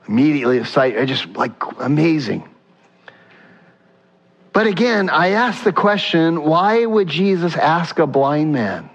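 A man preaches from the pulpit in an earnest voice, reading scripture aloud and pressing rhetorical questions on his listeners. His voice sits a little high for a man, and the sound is dull, carried on a long reverb through a church sanctuary. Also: sing-song, measured pace. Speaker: pastor. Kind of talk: sermon.

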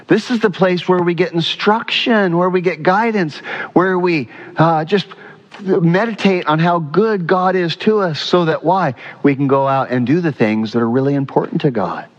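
A male pastor preaching a sermon in a church, animated and often quizzing the congregation. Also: on the high side, normal speed, muffled recording. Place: church sanctuary.

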